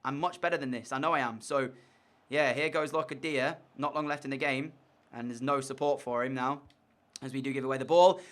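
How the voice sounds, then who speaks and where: A young man giving commentary over a football video game, sliding between frustrated muttering and shouted excitement. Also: medium pitch, a little fast. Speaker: gaming YouTuber.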